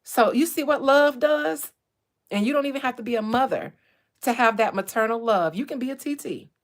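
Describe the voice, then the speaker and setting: A woman hosting a casual livestream, telling stories in a candid, animated way with blunt language. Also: fairly high pitch, moderate pace. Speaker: real estate agent and livestream host.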